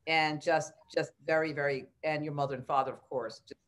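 Woman podcast host with a really low voice, encouraging and chatty. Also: steady tone, brisk. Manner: encouraging, affirming. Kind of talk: casual interview chat.

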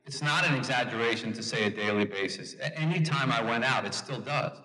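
A man's voice: mid-range voice, fairly quick. A middle-aged man, an author, telling anecdotes with jokes and voices in an audience Q&A at a large event hall. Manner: animated storyteller, jokes and mimics others. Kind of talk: storytelling answers in an audience Q&A. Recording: long hall reverb.

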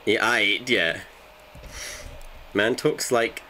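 A man's voice: mid-range voice, very animated, slow, vocal fry, pauses often, sharp tone, a little hiss or hum. A man, chatting and joking with his viewers while playing a game. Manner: joking, bantering with chat. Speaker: streamer. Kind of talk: casual live gameplay chat.

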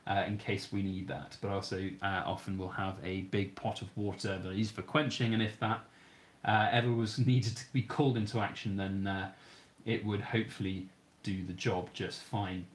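A man's voice: lowish voice, little pitch movement, normal speed. A man with a British accent hosting a livestream, reading viewer questions aloud and answering in an easygoing, conversational way. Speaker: channel host.

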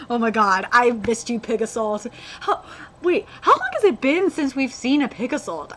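A woman streamer giving a live reaction to a manga chapter, excitable, cheering loudly and swearing. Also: on the high side, a little hiss or hum.

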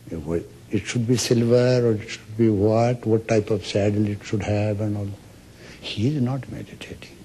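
A man's voice: lowish voice, dark tone, a little hiss or hum. A man giving a lecture on meditation as a spiritual teacher, telling stories and acting out the quoted speech. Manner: storytelling, acts out quoted speech.

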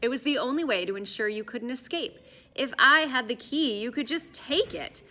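A woman's voice: a little high, normal speed, sharp tone, voice pushed up. A woman voicing a poised, self-assured schoolboy who speaks in a formal, composed and articulate way.

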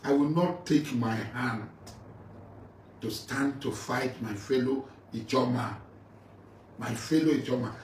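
With frequent pauses and a slow pace, a middle-aged man speaking Nigerian-accented English uses his medium-pitched voice to deride an opponent. As a militant leader he's confrontational, taunting and angry. The audio is roomy and distant, with slight ambient noise.

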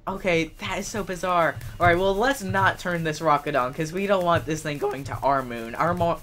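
A man's voice: fairly high pitch, bright, forceful tone, a little hiss or hum. A man hosting a game video, chatting and thinking aloud, often exclaiming in surprise. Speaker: let's play host. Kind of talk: gameplay commentary.

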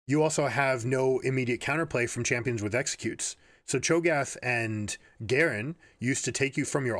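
A man's voice: medium pitch, fairly bright tone, dry recording. A man with a mid-range voice breaks down esports play and slips into coaching advice as he goes. He talks with energy and often repeats words while he works out a point. The recording is dry and close, with almost no room sound. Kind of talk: game analysis with coaching advice.

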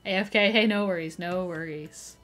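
A woman's voice: fairly low pitch, normal speed, a bit bright, soft background music. Chatty young woman streaming a game. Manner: chatty, laughs often, greets and answers chat. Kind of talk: casual chat while live-streaming a game.

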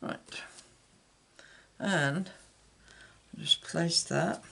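This man hosts his own craft channel, chatting loosely as he makes a card in a casual demonstration. His voice is fairly high, gravelly, pushed and bright, and he draws out his words. He's chatty and rambling, sometimes losing track mid-thought.

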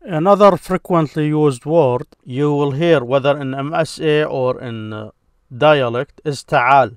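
A man teaching Arabic grammar in a slow, patient way, explaining a point step by step. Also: fairly high pitch, clear, resonant tone, dry recording, studio quality. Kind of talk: explanatory lesson.

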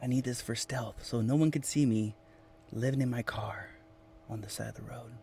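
A man's voice: mid-range voice, moderate pace, creaky, a little mellow, slight background noise. A man hosting a casual live stream from inside his van, reading viewer comments aloud and repeating phrases playfully. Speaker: vanlife livestream host.

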